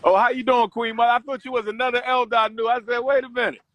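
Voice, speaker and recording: A man preaching emphatically, bright and forceful. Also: extremely high pitch, little pitch movement, fast talker. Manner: preacherly, emphatic, repeats phrases. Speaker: host. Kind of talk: casual street interviews and commentary.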